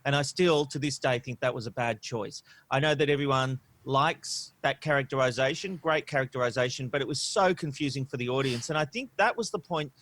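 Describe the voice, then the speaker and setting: A man co-hosting a podcast, talking in an opinionated, animated way with frequent "you know" and "um". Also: medium pitch, fairly quick, few pauses. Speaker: podcast co-host. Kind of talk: casual podcast discussion. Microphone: studio microphone.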